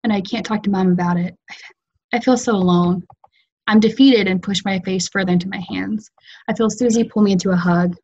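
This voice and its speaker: A woman fiction writer reading her own story aloud in a calm, measured way over a video call. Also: mid-range voice, lo-fi sound, slight background noise. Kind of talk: literary reading.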